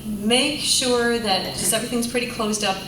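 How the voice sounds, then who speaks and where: A woman's voice: on the high side, moderate pace. Woman vocal coach, echoey and distant. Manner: encouraging, demonstrates by singing. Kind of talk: teaching a choir class. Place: church rehearsal room. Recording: echoey room from far off, noisy.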